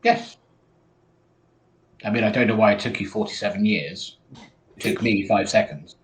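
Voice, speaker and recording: A man's voice: lowish voice, a little fast. A man, playing a tabletop game in a dry, laid-back way. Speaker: player. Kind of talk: casual tabletop play.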